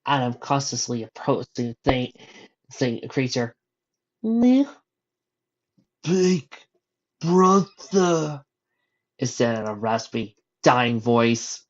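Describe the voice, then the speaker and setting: A man's voice: mid-range voice, flat delivery, measured pace, dull audio. A man reading a fan story aloud as narrator, breaking off for wry, sarcastic joking asides. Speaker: narrator and fanfic reader.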